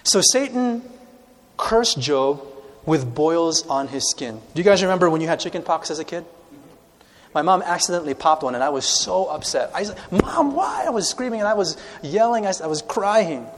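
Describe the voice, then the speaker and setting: A man preaching a sermon, reading scripture aloud and putting questions to his congregation in an animated way. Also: fairly high pitch, moderate pace, in a large hall. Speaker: pastor.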